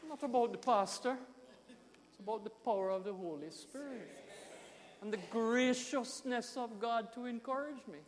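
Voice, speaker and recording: Jamaican male pastor, animated sermon storyteller, high voice, big hall echo. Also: normal speed. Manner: animated storytelling, emphatic swings in loudness.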